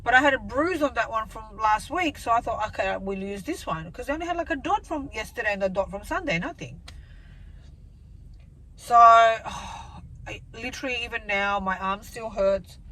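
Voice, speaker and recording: A woman's voice: a little high, expressive, moderate pace, sharp tone, poor audio. Chatty woman vlogger, emotional rambling. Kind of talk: casual talking-to-camera update.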